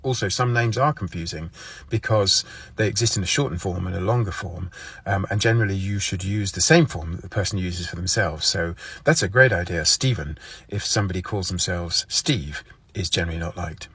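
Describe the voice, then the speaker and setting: Husky low-voiced man, deadpan. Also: a little fast, no echo. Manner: deadpan, acts out example phrases with odd intonation. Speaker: comedic explainer. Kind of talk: deadpan mock-instructional monologue.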